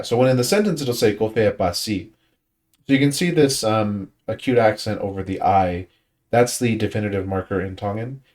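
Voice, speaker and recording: A man's voice: fairly low pitch, a little mellow. A man leading a language study group, explaining pronunciation casually and often restarting his sentences while he thinks. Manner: thinking aloud with frequent restarts and fillers.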